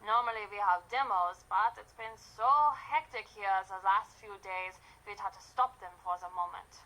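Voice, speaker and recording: A woman's voice: mid-range voice, moderate pace, bright, forceful tone, poor audio. An actress with a German accent playing a polite, formal female castle steward in a mystery game. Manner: courteous, formal, slightly apologetic.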